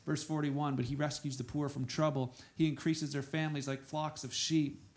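A man preaching a sermon, reading scripture aloud and breaking into soft asides and loud exclamations. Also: on the high side, little pitch movement, normal speed. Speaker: pastor.

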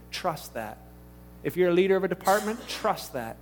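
A middle-aged male pastor preaching a sermon in a conversational, animated way, acting out quoted voices. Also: high-pitched, a little fast, a little hiss or hum.

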